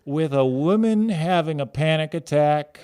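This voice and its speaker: A man's voice: fairly high pitch, animated, a little slow, darkish tone. A young man hosting a casual sports-betting podcast, rambling and joking and laughing at his own bits. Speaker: podcast host.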